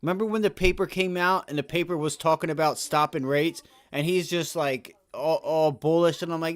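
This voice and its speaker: A man with a somewhat high voice talks through live market commentary on his trading stream. His talk is loose and full of slang, and it often rises into loud, heated rants. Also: expressive, normal speed. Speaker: day trading livestream host.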